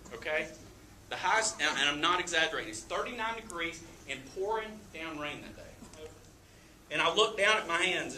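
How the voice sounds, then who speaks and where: Motivational speaker, man, high and sharp-toned, animated storyteller. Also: slight background noise. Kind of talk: motivational speech to a live audience. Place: event room with an audience.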